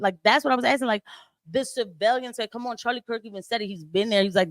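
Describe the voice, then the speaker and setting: A woman's voice: on the high side, quick pace, no echo. A woman vlogger telling a story in a casual rant, laughing often and acting out what people said. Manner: animated retelling that acts out quoted voices, laughing often.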